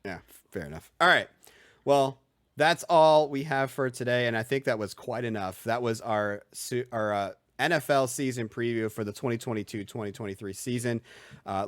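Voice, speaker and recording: A man's voice: medium pitch, a bit bright, no room sound, studio quality. A man hosting a casual sports podcast, rambling a little, trailing off mid-sentence and laughing easily. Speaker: podcast host.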